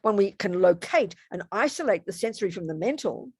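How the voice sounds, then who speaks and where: A woman's voice: mid-range voice, expressive, fairly quick, a little mellow, breathy edge, no echo. A woman giving a casual Buddhist teaching, chatty and playful, with joking asides and frequent self-corrections. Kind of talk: casual dharma teaching talk. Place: home room.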